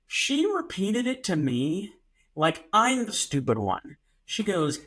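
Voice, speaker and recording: A young man co-hosting a casual podcast, telling stories with lots of comic exaggeration. His pitch swings widely as he talks, and his voice has a bright, forward edge. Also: takes it slowly. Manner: animated storytelling with comic exaggeration. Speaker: podcast co-host. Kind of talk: casual chat.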